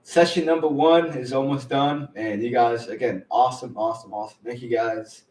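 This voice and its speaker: A man hosting a casual live stream, talking earnestly and haltingly, repeating himself and getting teary. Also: mid-range voice, steady tone, a little mellow, reverberant, distant mic. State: teary, emotional.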